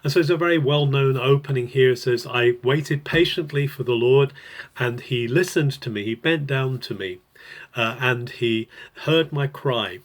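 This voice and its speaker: A man's voice: medium pitch, normal speed. A man giving an earnest devotional Bible teaching, explaining a passage in an unscripted, conversational way.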